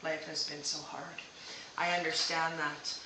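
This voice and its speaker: A woman psychic medium giving a live-streamed reading, speaking gently and reassuringly and often checking in with "okay?". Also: low-pitched, little pitch movement, unhurried, roomy sound, distant mic, noisy background.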